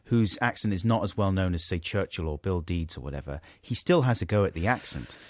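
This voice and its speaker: A man's voice: deep voice, animated, fairly quick, dry recording. A man co-hosting a radio show in a studio, chatty and explanatory, often laughing. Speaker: radio co-host. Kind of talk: casual radio chat.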